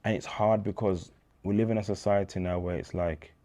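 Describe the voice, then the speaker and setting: Deep-voiced Birmingham man telling stories. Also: a little fast. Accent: Birmingham English. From England. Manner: animated storyteller, slang-heavy, acts out quoted dialogue. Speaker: interview guest. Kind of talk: casual storytelling interview.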